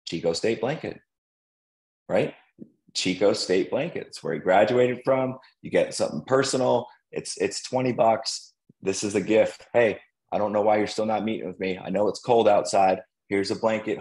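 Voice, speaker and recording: A man who coaches loan officers, giving an energetic motivational sales talk and acting out quotes. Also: fairly low pitch, poor audio. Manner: energetic, acts out quoted voices.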